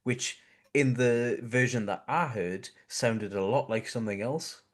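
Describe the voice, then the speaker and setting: A man, co-hosting a casual film chat, laid-back and halting. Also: mid-range voice. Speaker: podcast co-host.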